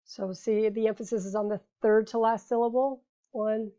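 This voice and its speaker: A woman teaching a grammar lesson, patiently explaining rules and saying each example word slowly before repeating it. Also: medium pitch, steady tone, mellow. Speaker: Spanish teacher. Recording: dull lo-fi recording.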